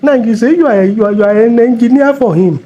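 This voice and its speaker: A man's voice: very high-pitched, fast, mellow, highs cut off, slight background noise. A man with a Nigerian accent playing a bossy, mocking middle-aged police officer in a comedy skit. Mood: scolding. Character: bullying middle-aged male traffic cop.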